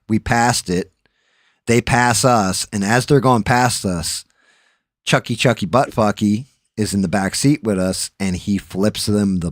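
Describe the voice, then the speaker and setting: Middle-aged male host, low voice, dry close sound, profane casual storyteller. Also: no room sound. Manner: profane, rambling, loud laughs. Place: home streaming setup.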